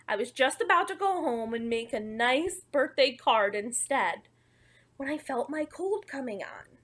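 A woman reading a picture book aloud in the wolf's first-person voice, playful and expressive, with chatty asides to listeners. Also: sits high, a little slow. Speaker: storybook reader.

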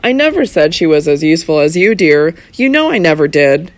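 A flustered older schoolmistress, as a narrator puts her on, apologetic and a little reproachful. The reading is close and dry, pitched in the middle. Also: sing-song, fairly quick, no echo, natural voice. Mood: defensive.

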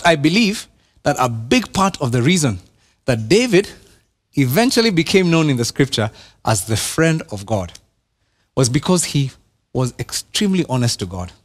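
A pastor with a Kenyan accent preaching a sermon in church, animated, repeating words and dropping to a hush for emphasis. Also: male voice, a little high.

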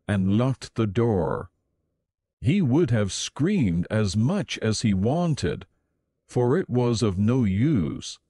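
A man reading a fairy tale aloud in calm storybook narration, slow and even. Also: mid-range voice, no room sound, clean studio sound.

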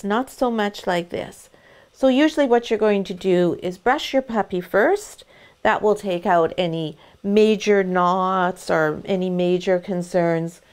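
A middle-aged woman, a dog breeder, giving a gentle, calm demonstration of how to groom a puppy. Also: on the low side. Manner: sing-song baby talk to the puppy.

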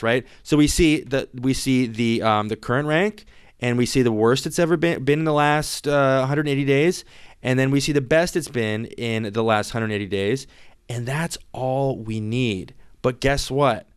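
A man hosts an informal screen-share explainer. His voice is smooth and resonant. He talks emphatically and reassuringly, often repeating and restarting his words. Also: medium pitch. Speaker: software company host.

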